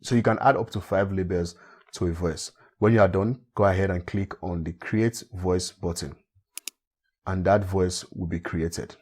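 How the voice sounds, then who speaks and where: A man from Africa walking viewers step by step through a software tutorial, often repeating himself. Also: low voice, moderate pace, breathy edge. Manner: steady step-by-step walkthrough, repeats phrases. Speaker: tech tutorial host. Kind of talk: screen-recorded software tutorial.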